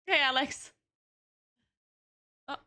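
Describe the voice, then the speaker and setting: Bright-voiced woman streamer chatting to viewers. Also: extremely slow. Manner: chatty, laughs often between remarks. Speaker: live streamer. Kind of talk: casual chat with stream viewers. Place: at home with her cats.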